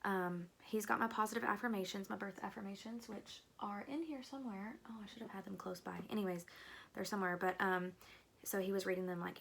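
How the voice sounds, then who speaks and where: A woman's voice: mid-range voice, steady tone, fairly quick, creaky, fairly bright tone, husky. A young woman telling a long personal story to her viewers in a chatty, rambling way, with plenty of fillers and asides. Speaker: vlogger. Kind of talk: casual storytelling.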